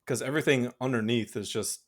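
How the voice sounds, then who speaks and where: A man's voice: medium pitch, a crowd in the background. Laughing, rambling male podcast co-host. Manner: laughs often, halting with many fillers. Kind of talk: casual chat.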